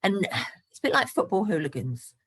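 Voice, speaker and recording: A woman's voice: mid-range voice, sing-song, brisk. A woman in her sixties, a guest on a podcast interview, talking in a chatty and frank way and laughing between points. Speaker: guest, property investor.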